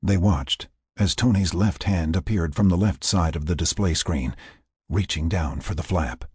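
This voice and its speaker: Deep, husky male storyteller. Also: a little slow, no room sound, clean studio sound. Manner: expressive, storytelling. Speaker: narrator. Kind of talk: audiobook narration.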